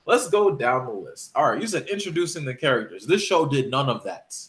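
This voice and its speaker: A man's voice: medium pitch, very animated, brisk, fairly bright tone. A man co-hosting a casual podcast, ranting emphatically about a TV show. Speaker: podcast co-host. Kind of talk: casual chat.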